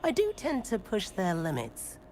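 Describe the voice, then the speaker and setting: Casting: a woman playing a playful troublemaker student, very lively pitch, light teasing delivery. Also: moderate pace, a little hiss or hum. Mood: breezy. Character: mischievous prankster male student.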